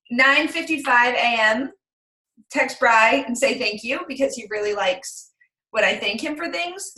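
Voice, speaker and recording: Chatty bright-voiced woman, echoey room. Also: a little high. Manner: chatty, animated storytelling with acted quotes. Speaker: group call member. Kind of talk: casual chat.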